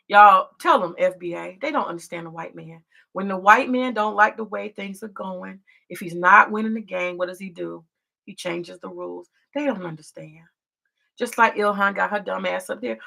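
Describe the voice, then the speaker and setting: A woman's voice: mid-range voice, lively intonation, fairly quick, vocal fry, fairly bright tone. A woman from the United States giving profane, confrontational vlog commentary in a preachy manner.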